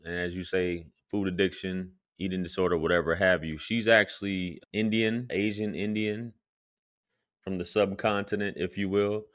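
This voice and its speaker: A man comments on a video clip in a low voice, offering blunt opinions directly to his audience. The recording is dry and close, with no room sound. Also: steady tone, normal speed, fairly bright tone, no echo. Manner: opinionated, addresses viewers directly. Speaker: reaction commentator. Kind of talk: reaction commentary.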